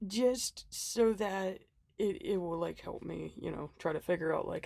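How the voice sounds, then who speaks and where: With vocal fry and a slightly mellow quality, a woman's mid-range voice moves at a measured pace, recorded without echo. She's a planner vlogger walking through her budget planner casually, sick and breathless, self-deprecating and full of ums and small laughs.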